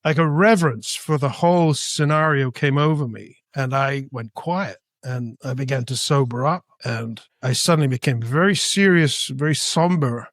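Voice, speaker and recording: A middle-aged man raised in Spain, a podcast guest telling a story in a casual, animated way, jumping into high voices when he quotes people. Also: normal speed, hardly any pauses, no room sound, clean studio sound. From Britain, raised in Spain.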